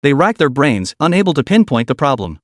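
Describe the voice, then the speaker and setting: A man's voice: medium pitch, very animated, a little fast, no echo, studio quality. A man narrating a recap story in a scripted read, voicing all characters in the same plain voice.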